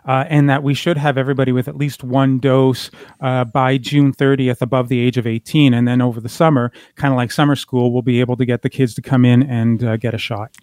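A man explaining science as a radio guest, his voice going hoarse and interrupted by coughing. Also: mid-range voice, level tone, darkish tone, no echo, clean studio sound. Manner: explanatory, measured.

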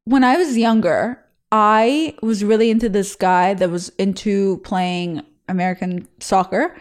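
A woman's voice: mid-range voice, steady tone, a little slow. A young woman from Israel hosting a show, reacting to listener stories in a candid, bawdy, laugh-filled casual chat. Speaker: host reading listener stories.

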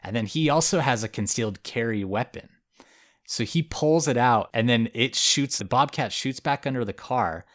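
A man's voice: mid-range voice, normal speed, a bit bright. A man co-hosting a podcast, telling a news story in a casual, chatty way with frequent laughs and fillers. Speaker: podcast co-host. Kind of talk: casual chat.

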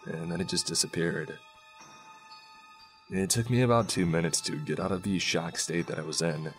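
A man narrating a first-person scary story in a slow, hushed way, with soft music behind him. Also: low-pitched. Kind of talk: scripted horror story narration. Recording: faint background music.

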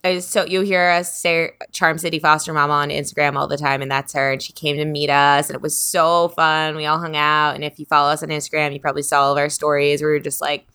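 Woman podcast co-host, bright and forceful tone, slightly low pitch, casual bubbly chat. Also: little pitch movement, fast, few pauses, clean tone. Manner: bubbly, laughing, chatty with fillers.

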